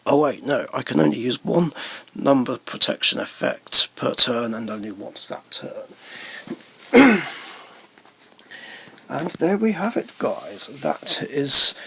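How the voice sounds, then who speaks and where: A man's voice: medium pitch, gravelly, fairly bright tone, slightly rough, low-quality recording. A man, a card game YouTuber, walking through his deck in a casual, rambling way, with many ums and mid-sentence corrections. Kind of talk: casual deck profile walkthrough.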